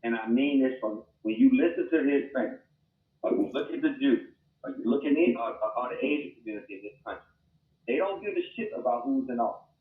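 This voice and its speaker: Man co-host, earnest and halting, heard over a thin phone-like line with room echo. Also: mid-range voice, animated. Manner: earnest, stammers and repeats words. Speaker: podcast co-host. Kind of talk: heated debate. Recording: tinny phone-like remote line, roomy.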